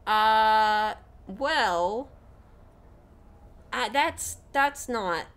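A woman's voice: a little high, animated, drawn-out words, a bit bright, clear, resonant tone. A young woman streaming a video game, chatting candidly and rambling as she answers her chat, swearing freely. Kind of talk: casual gameplay stream chat.

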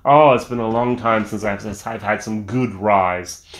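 A man's voice: on the low side, steady tone, a little slow. Chatty man reviewing whisky on camera. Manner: enthusiastic, chatty, with filler restarts. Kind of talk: casual video review. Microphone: camera mic.

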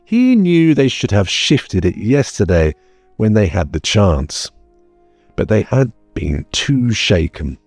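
A man narrating an audiobook with measured, expressive storytelling. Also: fairly low pitch, no echo, faint music behind. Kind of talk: scripted narration.

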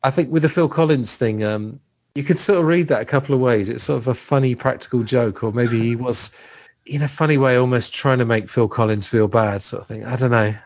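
A man's voice: mid-range voice, fairly quick. A man hosting a casual podcast conversation, chatty and thinking aloud with plenty of fillers. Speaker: podcast host.

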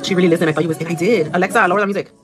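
A woman's voice: lowish voice, steady tone, rapid-fire. A woman chatting casually on a livestream as she paints nails, swearing freely, slipping into Spanish and answering viewer comments, with music playing in the background. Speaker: nail artist livestreaming. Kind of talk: casual livestream chat while working.

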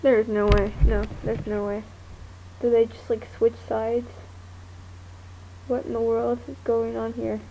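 A woman's voice: on the high side, flat delivery, a little slow, long pauses. Sleepy, rambling young woman on a tinny webcam. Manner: drowsy, giggly, rambling nonsense. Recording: tinny lo-fi webcam audio with faint hiss.

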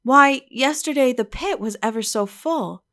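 A woman's voice: high voice, unhurried, a bit bright, voice pushed up. A woman voicing a playful, affectionate young village girl who talks eagerly and coaxingly.

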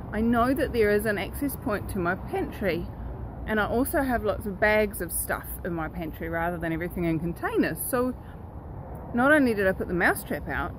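A woman hosting her own self-help vlog, telling a story in a lively, earnest and direct way. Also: mid-range voice, noisy background. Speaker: host.

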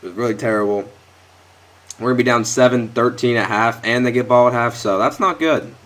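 A man's voice: mid-range voice, a little fast, a bit bright. A young man commentating his own football video game, frustrated and swearing at his players, close to his mic. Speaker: gaming YouTuber. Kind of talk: live gameplay commentary. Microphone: headset or desk mic close to mouth.

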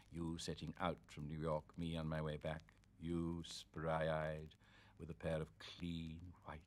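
A man with a deep, low voice reads literary prose aloud in a theatrical, sonorous style. His loudness sweeps widely from a hush to a boom, and he shapes every phrase for performance.

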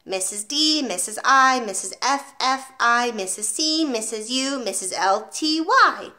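A woman's voice: sits high, sing-song, moderate pace, a bit bright, pitched above the performer's own voice. A woman doing a piping, eager little schoolboy. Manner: piping, earnest.

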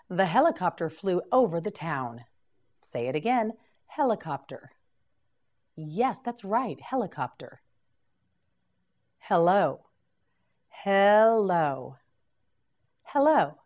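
A woman teaching English vocabulary in a slow scripted lesson, patiently repeating each word for learners to copy. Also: fairly low pitch, a little mellow.

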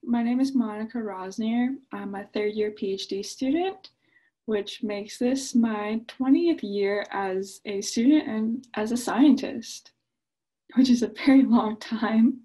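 A woman in her twenties, a PhD student, telling children an expressive story with occasional hushed asides. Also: fairly high pitch, a little slow, poor audio.

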